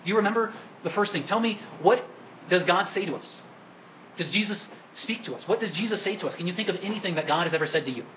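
A man's voice: high-pitched, animated, fast, fairly bright tone, a little hiss or hum, rough recording. A man preaching a sermon at Mass as the priest, asking the congregation questions and coaxing them to answer. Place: church during Mass.

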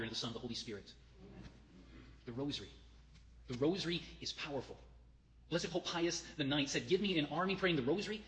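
A man preaches a fervent sermon, reading quotations aloud at a brisk clip. His voice carries through a church with a long, ringing reverb. The pitch sits in an ordinary middle range for a man. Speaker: priest.

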